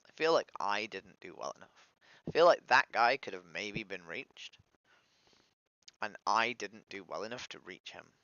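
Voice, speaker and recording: A man's voice: fairly low pitch, animated, a little slow, sharp tone, dry recording, muffled recording. A man streaming alone, upset and weary, venting his frustration in a despondent monologue that swears and trails off into mutters.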